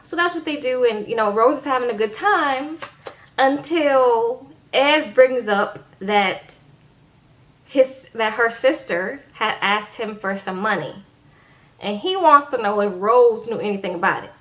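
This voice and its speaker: A sassy woman talks through a reality show recap in a casual, chatty way, tossing in playful asides to her viewers. Her voice sits a little on the high side, and she drops lower and softer when she acts out what people said. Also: a little slow.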